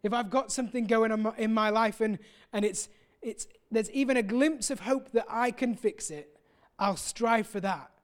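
A man preaching a sermon, earnest and personal, often pausing and restarting his sentences. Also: sits high, steady tone, clean tone. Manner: earnest, with many pauses and restarts.

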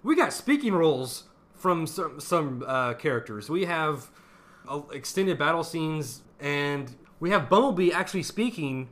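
A young man co-hosting a casual movie review podcast, excited and laughing, swearing freely. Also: fairly high pitch, measured pace. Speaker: podcast co-host.

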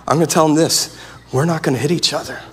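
A man's voice: fairly high pitch, steady tone, fast talker, fairly bright tone, breathy edge. A man preaching a sermon as pastor, earnest and conversational, often restarting his sentences.

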